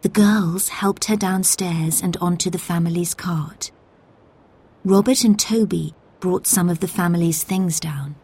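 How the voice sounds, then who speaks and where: A woman narrating a children's storybook in a clear, measured way. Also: fairly low pitch, a little mellow.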